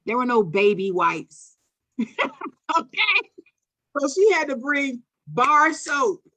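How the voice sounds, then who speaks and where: Speaking slowly in a high-set voice, a Philadelphia-accented podcast co-host shares a childhood tale. She's animated throughout, putting on voices for the people she quotes in this casual show.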